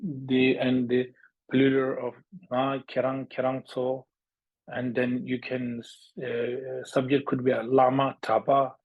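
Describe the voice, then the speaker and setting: A husky-voiced man from Bhutan leads a language lesson in halting English, often repeating words and sounding out syllables for his students. The sound is dry and close, with no room around it. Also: mid-range voice, completely flat delivery, dry recording, phone-quality sound. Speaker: teacher.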